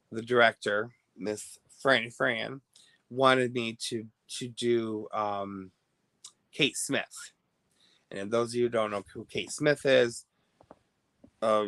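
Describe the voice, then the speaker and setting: A man chats casually to his audience, drifting through a long anecdote and often losing his thread. His voice is bright and a little low, and he takes his time. It sounds dry and close, with no room echo. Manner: rambling, chatty, self-interrupting. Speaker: host. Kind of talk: casual storytelling to viewers.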